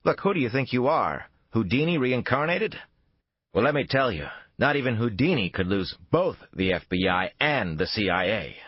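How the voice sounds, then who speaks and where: A man voicing a sarcastic, guarded male private investigator in an audiobook thriller, with a husky voice. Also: low voice, expressive, moderate pace, hardly any pauses, no room sound, muffled recording. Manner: sarcastic, exasperated.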